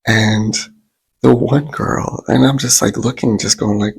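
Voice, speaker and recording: A man telling a rambling story in a soft ASMR vlog, often stopping to restart his sentences and acting out what others said. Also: lowish voice, measured pace. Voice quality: raspy, breathy and gravelly. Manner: rambling, self-interrupting, animated quoting of others. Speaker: vlogger.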